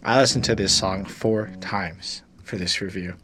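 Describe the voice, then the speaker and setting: A man's voice: sits low, steady tone, unhurried, fairly bright tone. A man casually reviewing a song on a podcast, rambling and enthusiastic, with lots of swearing. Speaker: music reviewer.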